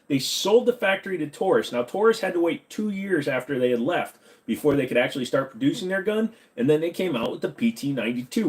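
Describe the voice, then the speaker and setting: A slightly high, a little mellow male voice comes through a desk microphone as he live-streams casually from his home computer room. He answers viewer questions with jokes and lapses into a bad Southern accent.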